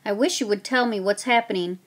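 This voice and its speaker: A woman's voice: medium pitch, brisk, natural voice. A woman voicing a young colonial boy who speaks eagerly and urgently in a children's story reading.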